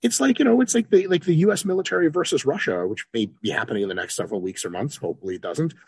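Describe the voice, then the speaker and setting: A man guest on a podcast, an exercise scientist talking casually and profanely, animated, swearing freely and acting out characters. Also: medium pitch, racing, husky, no room sound.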